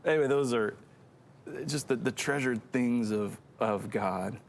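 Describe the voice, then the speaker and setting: A man's voice: mid-range voice, measured pace, gravelly, a little hiss or hum. A middle-aged man co-hosting a church show, telling a rambling, self-deprecating story in casual chat.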